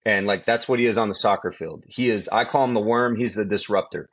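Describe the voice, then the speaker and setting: Middle-aged guy coaching qbs, lowish voice, gets worked up and repeats stuff, chatty podcast. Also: brisk. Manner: animated storytelling, emphatic, repeats phrases. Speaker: quarterback trainer and coach. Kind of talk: casual podcast interview.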